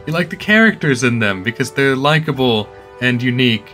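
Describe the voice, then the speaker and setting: A man co-hosting a casual podcast, dry and a little hesitant, with a wry edge. His voice is bright and forceful, with faint music playing underneath. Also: medium pitch, expressive, a little fast. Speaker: podcast co-host.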